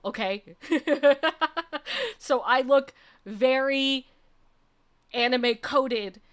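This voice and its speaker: Young woman streamer, slightly high voice, chatty storyteller who keeps laughing and asks "okay?". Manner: animated, laughs often, says "okay?" a lot. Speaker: VTuber streamer. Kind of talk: casual storytelling.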